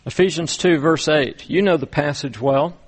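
A man preaching a sermon, speaking deliberately with frequent pauses and repeated words as he walks through scripture. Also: fairly high pitch, breathy edge. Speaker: pastor.

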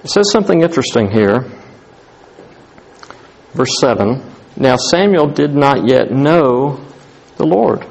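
A man preaching a sermon as pastor, animated, rising to emphatic highs and dropping to hushed tones. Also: a little slow, gravelly, long pauses, low-quality recording.

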